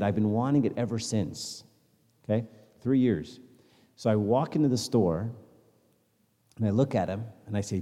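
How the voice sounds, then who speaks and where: A man's voice: on the low side, warm tone. A man giving a casual slideshow talk at a church meeting, telling stories with quoted dialogue. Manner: chatty storytelling with quoted dialogue. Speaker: church speaker. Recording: long hall reverb.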